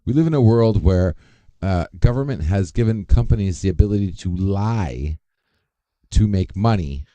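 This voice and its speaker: A man's voice: low voice, expressive, moderate pace, mellow, no echo. A man hosting a casual livestream, rambling, swearing freely and greeting chat viewers by name. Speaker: livestream host.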